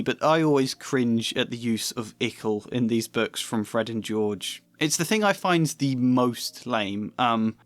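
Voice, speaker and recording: Male essayist, mid-pitch, dry close mic, thoughtful and self-questioning. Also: fairly bright tone, no echo. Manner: reflective, self-questioning, occasional laughs. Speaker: video essayist. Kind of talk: analytical video essay with read-aloud excerpts.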